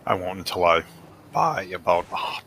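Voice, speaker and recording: A man's voice: low-pitched, lively intonation, moderate pace, a bit bright, slight background noise. A man chatting casually as a co-op gaming partner, making dry, sarcastic remarks. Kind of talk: casual gameplay chat.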